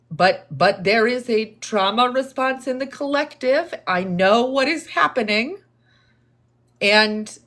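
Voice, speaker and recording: A woman talking slowly and deliberately to her livestream viewers, in a calm, measured tone that she says viewers hear as condescending. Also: medium pitch. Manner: deliberate, therapist-like, calm and explanatory. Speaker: livestream host responding to chat. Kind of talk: slow, measured live-stream talk to viewers.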